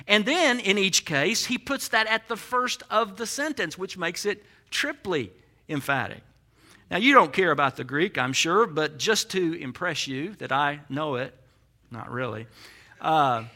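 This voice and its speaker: A man's voice: high-pitched, sharp tone. A man preaching a sermon, emphatic and explanatory, with dry humorous asides. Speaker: pastor.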